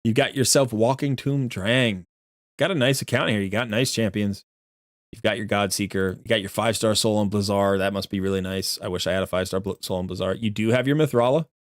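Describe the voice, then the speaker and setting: A man's voice: lowish voice, a little fast, no room sound, clean studio sound. A man giving chatty, rambling live-stream commentary as he looks through a viewer's game account, often correcting himself.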